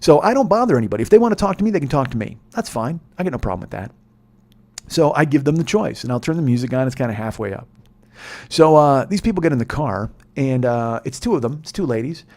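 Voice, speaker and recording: A man hosting a podcast, telling a profane, ranting comedic story that swings between muttering and loud exasperation. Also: medium pitch, lively intonation, fast. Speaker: podcast host. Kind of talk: rambling comedic monologue.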